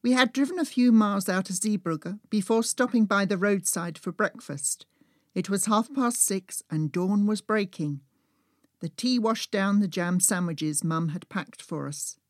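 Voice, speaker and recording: A woman, reading her own travel memoir in a steady, measured storytelling manner. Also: mid-range voice, dry recording, clean studio sound. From England. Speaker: author and narrator.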